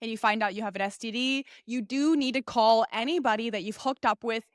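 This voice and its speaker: Blunt young woman, high dry voice. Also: brisk, no echo. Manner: candid, blunt and crude, acts out the nurses' soothing voices. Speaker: podcast host. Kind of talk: casual storytelling monologue.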